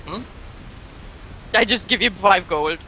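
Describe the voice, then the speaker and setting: A man's voice: sits high, takes it slowly, pushed and bright, low-quality recording. A man playing a tabletop role-playing game, chatty and joking, trailing off mid-sentence. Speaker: player. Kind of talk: casual tabletop game chat.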